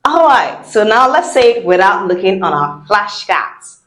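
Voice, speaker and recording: A woman's voice: medium pitch, big pitch swings, a little slow, a bit bright. A woman teaching French pronunciation, repeating each word several times and encouraging the learners. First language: a language other than French. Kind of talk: pronunciation lesson, drilling words slowly.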